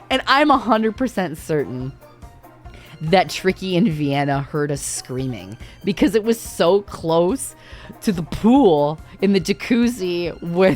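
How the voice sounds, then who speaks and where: Woman streamer, casual story time, laughs a lot, swears freely, faint music behind. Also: lowish voice. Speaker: livestreamer. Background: faint background music.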